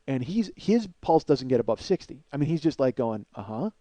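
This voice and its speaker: A middle-aged man hosting a comedy podcast, telling a story in a profane, excitable rant. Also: medium pitch, brisk, dry recording.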